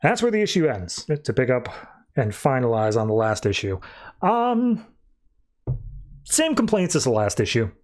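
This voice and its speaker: A man's voice: medium pitch, sing-song, moderate pace, long pauses. A man hosting a podcast, rambling casually through a review with lots of fillers and loose retelling. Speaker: podcast host reviewing comics.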